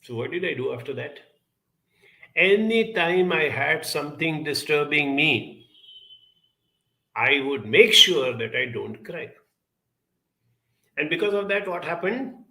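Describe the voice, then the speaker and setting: A man giving a reflective self-help talk, telling a childhood story in an unhurried way and acting out the people he quotes. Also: fairly high pitch, creaky, poor audio. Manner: storytelling, quoting others in lively voices; unhurried, spoken as if to listeners.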